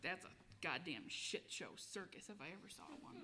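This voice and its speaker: A woman's voice: on the low side, animated, moderate pace, background noise. Laughing, profane woman singer telling a story. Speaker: singer-songwriter. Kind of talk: casual storytelling between songs.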